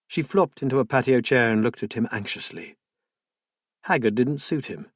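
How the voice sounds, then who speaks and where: A man narrating an audiobook mystery in a measured, expressive storytelling manner. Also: medium pitch, breathy edge, no room sound, studio quality.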